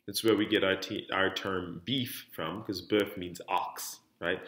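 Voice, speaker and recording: A man teaching French diction in an online lesson, speaking each word clearly for students to repeat and stressing word endings. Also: sits low, steady tone, a little slow, hardly any pauses, fairly bright tone, roomy sound. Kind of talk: online lesson, modeling words for repetition.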